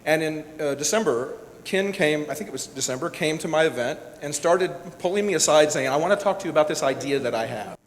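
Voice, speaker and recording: Male event speaker, candid and emotional, slightly high voice, reverberant hall. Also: animated, fast talker, few pauses. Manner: personal, emotional, rambling with restarts. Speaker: event speaker, director-producer. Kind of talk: candid speech to an audience. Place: large hall. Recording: echoey hall with faint rumble.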